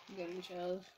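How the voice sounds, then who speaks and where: A woman's voice: fairly low pitch, heavy background noise. Chatty young woman telling a slangy story. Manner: chatty, slangy, animated retelling with lots of "like". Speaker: vlogger. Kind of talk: casual storytime while eating.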